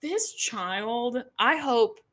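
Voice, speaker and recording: A young woman hosting a podcast in casual chat, animated and gossipy, acting out quotes in jumpy voices. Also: very slow. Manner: animated, gossipy, acts out quotes with pitch jumps. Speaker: podcast host.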